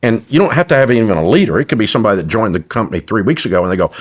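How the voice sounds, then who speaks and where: Blunt older man, lowish voice. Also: lively intonation, rapid-fire, slightly rough. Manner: blunt, emphatic, preachy and repetitive. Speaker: business owner as podcast guest. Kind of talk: podcast interview.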